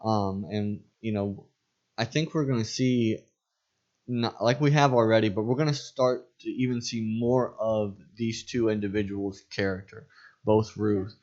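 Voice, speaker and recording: A man's voice: fairly low pitch, fairly even intonation, measured pace, darkish tone, highs cut off. A man co-hosting a casual Bible study podcast, rambling with fillers and restarts. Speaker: podcast co-host.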